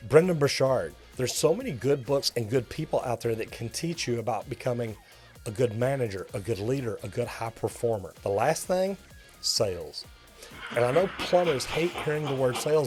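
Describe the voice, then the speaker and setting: In a medium-pitched, darkish voice, a middle-aged master plumber talks straight to viewers in an instructional video. He teaches the trade with an upbeat, direct coaching manner.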